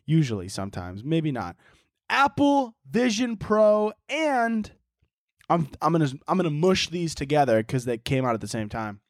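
A man's voice: on the high side, huge pitch swings, moderate pace, dry recording, studio quality. A young man hosting a solo podcast, rambling casually, swearing often and laughing at his own jokes. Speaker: podcast host.

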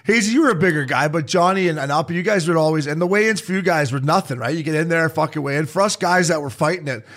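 Blunt, profane podcast host. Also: male voice, a little high, fast, fairly bright tone. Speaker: podcast host, ex-hockey player. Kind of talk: casual podcast chat.

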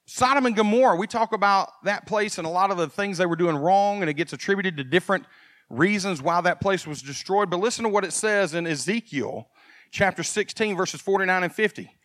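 A male pastor preaching a sermon, animated and swinging from quiet folksy asides to loud emphasis. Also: sits high, fairly quick, dry recording, studio quality.

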